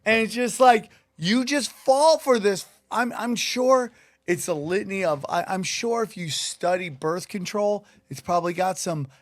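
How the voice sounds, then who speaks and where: Man, podcast host, high voice, joking, crude, dry studio sound. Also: measured pace, no echo. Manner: animated, joking, swearing. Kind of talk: casual podcast chat.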